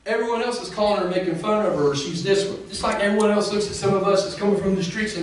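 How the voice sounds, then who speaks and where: A man's voice: high voice, fast, hardly any pauses, a little hiss or hum. A man preaching a sermon as pastor in an impassioned preacher's cadence, speaking straight to his congregation. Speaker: senior lead pastor. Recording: echoey room from far off.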